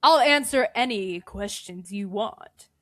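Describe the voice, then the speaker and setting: A woman's voice: mid-range voice, expressive, takes it slowly, fairly bright tone. A woman voicing a sleazy, sadistic male dentist in a tabletop game, talking in a drawling, insinuating way. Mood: creepy. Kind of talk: playing a villain in a tabletop game.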